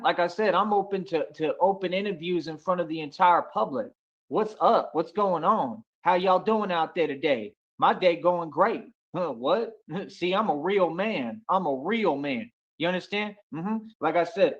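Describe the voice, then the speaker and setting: A man's voice: high voice, lo-fi sound. A man from the United States hosting a casual livestream monologue, boastful and swaggering, looping back with "like I said" over and over. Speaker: livestream host.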